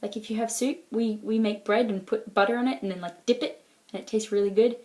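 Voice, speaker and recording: A woman's voice: mid-range voice, fairly even intonation, a little fast, dark tone. A woman with an Australian accent talking casually to the camera in a personal vlog, rambling along with lots of "like" and "um". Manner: chatty, rambling, full of "like" and "um". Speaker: exchange student vlogger.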